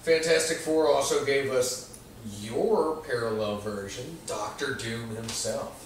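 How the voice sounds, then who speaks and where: A man's voice: mid-range voice, fairly even intonation, a little slow, slight background noise. Playful man in an echoey room. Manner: playful, jokey, slips into silly villain voices. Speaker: podcast host. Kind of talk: casual comic book chat. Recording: echoey room, far from the mic.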